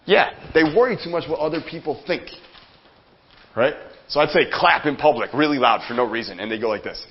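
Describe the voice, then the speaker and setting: A man giving a live motivational seminar talk, energetic and profane, speaking straight to the audience in the room. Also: on the high side, normal speed, slight background noise. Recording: dull lo-fi sound.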